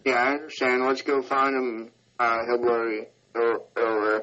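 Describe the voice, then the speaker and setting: A performer voicing a slow, deep-voiced hillbilly man with a flat drawl in a comedy skit. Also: lo-fi sound, a little hiss or hum, natural voice. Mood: dull.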